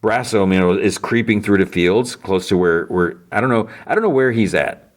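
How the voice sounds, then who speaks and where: A man's voice: lowish voice, normal speed. A man hosting a podcast, casually recapping a TV episode in a rambling way, full of fillers and self-corrections. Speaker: podcast host.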